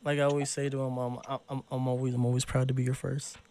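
A man hosting a podcast in casual chat, laid-back and quick to laugh. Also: mid-range voice, little pitch movement, darkish tone. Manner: laid-back, laughs easily, short reactions. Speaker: podcast host.

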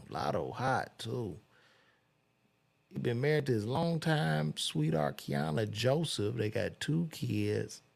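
A man reads celebrity gossip aloud and reacts as he browses, loose and profane. His voice sits low with a gravelly edge, and it swings widely in pitch between remarks. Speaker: commentator reading celebrity news. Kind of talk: casual news reaction commentary.

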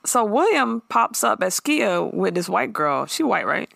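A woman's voice: mid-range voice, sing-song, unhurried, vocal fry, fairly bright tone, no echo, studio quality. A woman co-hosting a podcast, recapping a TV episode in blunt, slangy casual chat. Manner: blunt, slangy, laughs often. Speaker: podcast co-host.

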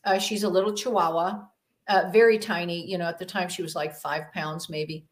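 A woman's voice: on the low side, steady tone, moderate pace. A woman guest telling a personal story in an interview, rambling with many fillers and acting out the voices she quotes. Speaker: podcast guest, demonologist.

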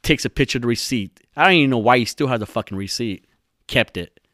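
A man's voice: mid-range voice, fast, a bit bright, no room sound, studio quality. Profane man ranting on a solo podcast. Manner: profane, rambling, mocking. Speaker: podcast host.

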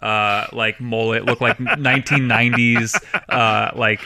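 A man's voice: medium pitch, little pitch movement, measured pace, sharp tone. A man co-hosting a casual sports podcast, telling rambling stories with frequent laughs. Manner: rambling, laughs often, many fillers. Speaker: podcast co-host.

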